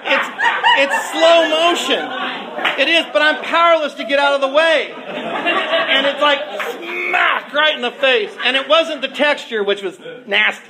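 A man's voice: very high voice, measured pace, very noisy. A man telling a rambling, self-mocking story on stage, often laughing as he goes. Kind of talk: stand-up storytelling. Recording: live show with audience laughter. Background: crowd laughing.

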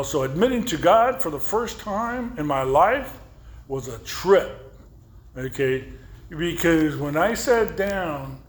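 A man's voice: on the high side, fairly bright tone. A middle-aged man from the United States telling his recovery story in plain, rambling talk and acting out the voices he quotes. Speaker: speaker sharing a recovery story. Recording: echoey room with faint noise.

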